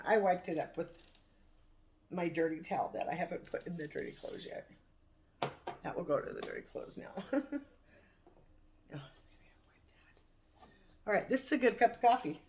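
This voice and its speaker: A woman's voice: on the low side, big pitch swings, normal speed, pauses often. A woman vlogger chatting casually to camera over morning coffee, rambling and laughing often. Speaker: cooking vlogger.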